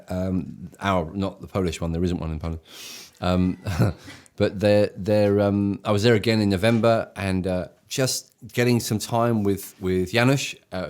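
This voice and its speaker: His voice fairly low and darkish in tone, an English church leader co-hosts a casual talk show. He sounds enthusiastic, often searching for words and starting sentences over.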